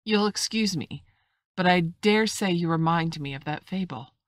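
A calm, shrewd country doctor, voiced by a woman reading aloud in a low, measured, reasonable tone. It sounds close and dry, like a storybook read straight into the mic. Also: no echo, natural voice. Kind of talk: audiobook reading.

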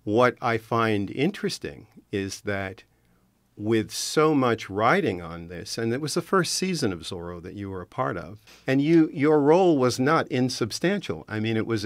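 A man's voice: lowish voice, no room sound. A man hosting a radio interview in a studio, enthusiastic and thoughtful. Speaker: host.

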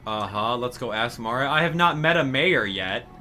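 A man's voice: mid-range voice, animated, normal speed, sharp tone, a little hiss or hum. A man giving a playful, sarcastic commentary over a video game he is playing. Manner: sarcastic, joking asides. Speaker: gaming commentator. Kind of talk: let's play commentary.

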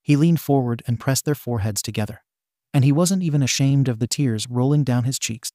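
A man reading fan fiction aloud as narrator in an even, steady way. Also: medium pitch, a little fast, no echo, clean studio sound.

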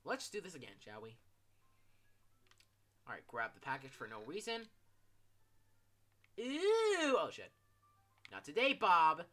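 A young man giving gameplay commentary. He talks in an animated, joking and profane way, with sudden shouts. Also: fairly high pitch, normal speed, long pauses. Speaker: gaming YouTuber.

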